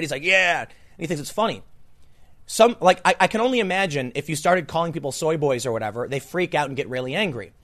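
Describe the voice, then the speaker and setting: A man delivering a political commentary monologue as a podcast host, incredulous and emphatic, often restarting his sentences. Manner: incredulous and emphatic, with frequent restarts and sharp swings in pitch.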